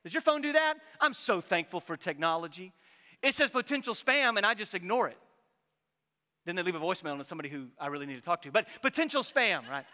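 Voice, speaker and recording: High, lively male preacher. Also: quick pace, long reverb tail. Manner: animated, joking, with frequent restarts. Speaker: pastor. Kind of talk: sermon.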